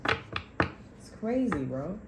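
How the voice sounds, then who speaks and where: A woman's voice: fairly low pitch, big pitch swings, extremely slow, reverberant, heavy background noise. A woman giving a casual tarot reading. She talks bluntly, swears freely and acts out what people say. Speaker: tarot reader.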